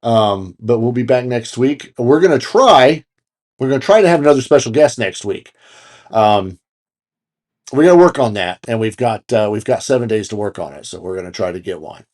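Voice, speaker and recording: A man's voice: medium pitch, animated, moderate pace, a little mellow. A man co-hosting a casual podcast, joking around and swearing casually as he wraps up the episode. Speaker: podcast co-host. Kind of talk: casual chat.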